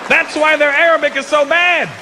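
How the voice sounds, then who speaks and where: A man in his fifties from Canada doing a stand-up comedy set in a large theater, animated and slipping into mocking put-on voices. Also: very high-pitched, moderate pace. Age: 50s. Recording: live show with crowd noise. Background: laughing audience.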